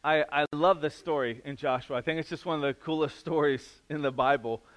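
Preaching his sermon briskly, this middle-aged pastor has a slightly high voice with fairly even intonation. He keeps it casual and conversational, restarting sentences and acting out quotes, then softens to a quiet voice when he prays.

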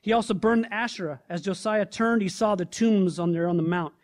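A man preaching a sermon, reading scripture aloud and then pressing the listeners with rhetorical questions, rising loud and dropping soft. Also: sits high, brisk. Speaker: pastor.

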